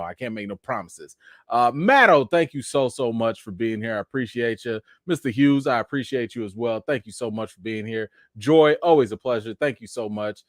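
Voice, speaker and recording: A man's voice: medium pitch, no room sound. Laid-back chatty live-stream host, a man. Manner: laid-back, chatty, greets viewers by name. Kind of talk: casual live-stream chat.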